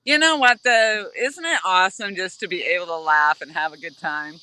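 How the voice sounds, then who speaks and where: A woman's voice: on the low side, normal speed, sharp tone, smooth, dry recording, low-quality recording. Giggly woman live-streaming outdoors. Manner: giggly, keeps breaking into laughter. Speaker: live-stream fishing host. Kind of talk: casual live-stream chat. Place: outdoors by a river, fishing.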